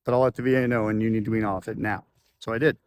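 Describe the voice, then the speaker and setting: A man's voice: fairly low pitch, fairly even intonation, quick pace. A man telling a long personal story in a loose, rambling way, with a faint hum of noise behind him. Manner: rambling, loose, with fillers and restarts. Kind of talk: casual storytelling to camera.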